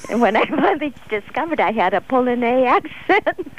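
A woman's voice: a little high, lively intonation, fairly quick, a crowd in the background. An enthusiastic American woman, a travel author, chatting as a guest on a radio interview and often laughing. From United States. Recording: dull, muffled radio audio.

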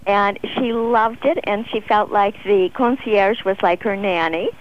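A woman's voice: medium pitch, a little slow, a little hiss or hum. Chatty American woman, muffled radio sound. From United States. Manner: chatty, enthusiastic, laughs often. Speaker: travel book author, radio guest. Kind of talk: radio interview chat. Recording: dull, muffled radio audio.

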